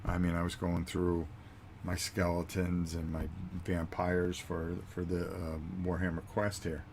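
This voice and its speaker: Deep-voiced man telling a rambling story. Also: completely flat delivery, measured pace, a little mellow, a little hiss or hum. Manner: rambling storytelling with fillers and acted-out quotes. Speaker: vlog host. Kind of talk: casual chat.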